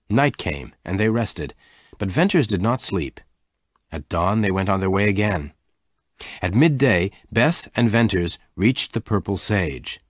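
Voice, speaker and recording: A man narrating a graded story for language learners in a slow, plain reading. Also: deep voice, no echo, studio quality.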